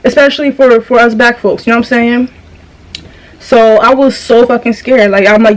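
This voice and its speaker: A woman's voice: fairly high pitch, fairly even intonation, moderate pace, rough recording. Chatty young woman telling a story. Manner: chatty, slangy and profane, with frequent restarts. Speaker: vlogger. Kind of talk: casual storytime monologue.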